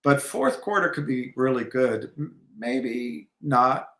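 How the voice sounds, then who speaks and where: A man talks through markets and trading in a loose, rambling way, stopping and restarting his sentences as he goes. He speaks slowly and unhurriedly at a middling pitch, and the room around him gives the voice a noticeable echo. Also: animated, fairly bright tone. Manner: halting, many restarts and fillers. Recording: echoey room.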